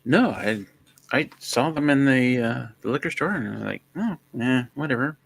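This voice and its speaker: A playful man chats and tells stories on a casual livestream. His pitch swings widely as he jokes. The sound is dry and close, with no room around it. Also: normal speed, vocal fry, breathy edge, dry recording. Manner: joking, storytelling, animated. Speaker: livestream co-host.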